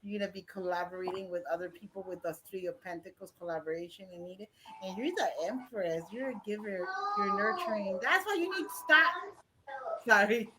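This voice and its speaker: A woman with a Mexican accent reads tarot cards on a live stream. She talks bluntly and swears freely, rambling from card to card. The stream carries a clear layer of background noise under her voice. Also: mid-range voice, fairly quick. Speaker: tarot reader.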